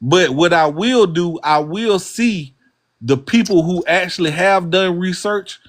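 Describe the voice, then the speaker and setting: A man's voice: high voice, measured pace. A man with a Southern US accent, a guest in a casual livestream talk, rambling in a laid-back way and tagging his lines with "bro". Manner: laid-back, rambling, says "bro" and "you hear what I'm saying".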